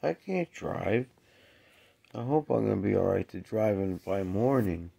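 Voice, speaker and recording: A sick, short-of-breath man at home with his cats, cooing to them in a raised voice and otherwise muttering low in casual chat. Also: fairly quick, gravelly, mellow, breathy edge. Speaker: cat owner filming his pets.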